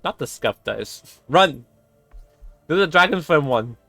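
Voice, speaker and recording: Male streamer, lively bright voice, excitable gameplay chatter, dry close mic. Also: a little high, slow, gravelly, no room sound, soft background music. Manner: excitable, cooing fondly at game animals, laughs often. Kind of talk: casual gameplay commentary.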